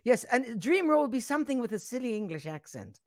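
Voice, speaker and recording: Animated, jokey male voice actor on a panel. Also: very high voice, fast talker, no room sound, studio quality. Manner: playful, jokey. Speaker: voice actor guest. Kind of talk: casual panel chat.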